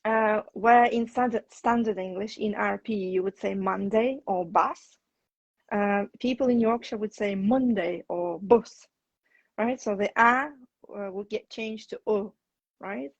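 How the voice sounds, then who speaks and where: A woman teaches English in a relaxed live chat, patient and full of ums. Her voice comes through a dull, lo-fi line. The sound is dry and close. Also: mid-range voice, unhurried, dry recording. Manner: explains patiently, frequent ums.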